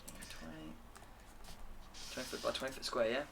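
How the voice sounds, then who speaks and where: A player in a tabletop game, joking around and talking quickly in casual banter. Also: mid-range voice, lively intonation. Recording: distant mic with loud noise.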